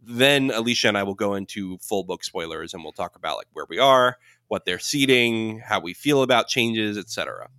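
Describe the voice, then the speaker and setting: A man co-hosting a casual podcast chat, knowledgeable and quick to explain and correct details. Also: lowish voice, lively intonation, bright, forceful tone, no echo, clean studio sound. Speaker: podcast co-host.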